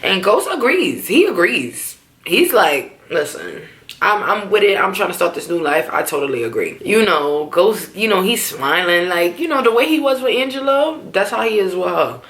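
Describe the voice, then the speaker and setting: A woman's voice: medium pitch, normal speed. A young woman, casually recapping a TV drama episode, swearing freely and acting out the characters' lines. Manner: animated, swearing, acts out quotes. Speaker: TV recap vlogger.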